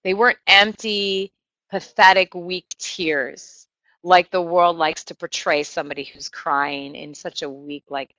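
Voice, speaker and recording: A woman's voice: on the low side, fairly even intonation, a little slow, sharp tone, no room sound, highs cut off. A woman giving a conversational sermon to a church group, earnest and personal, with self-deprecating asides. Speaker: speaker teaching a church group.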